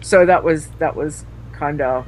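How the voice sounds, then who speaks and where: Slow-talking woman chatting, giggly. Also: low-pitched, a little mellow. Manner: giggly, rambling storyteller. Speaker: guest, podcast co-host. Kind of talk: casual chat about gaming.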